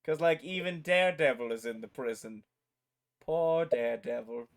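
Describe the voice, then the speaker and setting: A man's voice: medium pitch, normal speed. A man co-hosting a casual chat, animatedly retelling a story, swearing and acting out quotes. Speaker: podcast co-host.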